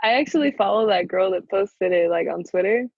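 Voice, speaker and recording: A woman's voice: mid-range voice, brisk, husky, no echo, lo-fi sound. A woman co-hosting a podcast, rambling casually with lots of fillers and laughter. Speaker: podcast co-host. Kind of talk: casual chat.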